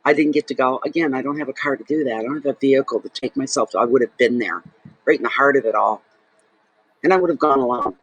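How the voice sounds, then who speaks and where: A man's voice: medium pitch, quick pace, fairly bright tone, husky, rough recording. A man, a tarot reader and channel host, talking to camera in an emotional, rambling, heartfelt way. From Saint John, New Brunswick, Canada. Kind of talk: casual personal monologue to camera.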